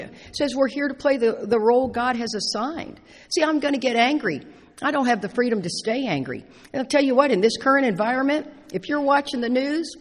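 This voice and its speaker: A middle-aged woman giving a personal recovery talk to an audience, animated and emphatic, repeating phrases for stress. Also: a little high. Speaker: speaker at a recovery convention. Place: large indoor meeting hall. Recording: reverberant hall.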